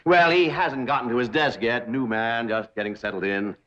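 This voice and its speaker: An actor playing a scheming, fawning middle-aged bank president in a 1960s TV sitcom, fussy and unctuous. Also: male voice, medium pitch, moderate pace, bright, forceful tone, close to an everyday voice. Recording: dull old TV audio with hiss.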